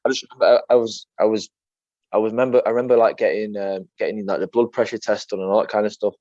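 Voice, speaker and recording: A man's voice: lowish voice, fairly even intonation, quick pace, dark tone, no room sound. A young man, an MMA fighter as a guest, chatting casually and rambling through stories while he swears and keeps saying "mate". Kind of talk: casual chat. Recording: dull lo-fi sound.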